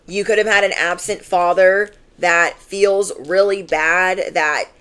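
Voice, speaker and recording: A woman giving a channeled tarot reading in an emphatic, chatty way, full of "like" and asides to the listener. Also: fairly low pitch. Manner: emphatic, conversational, fillers. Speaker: tarot reader.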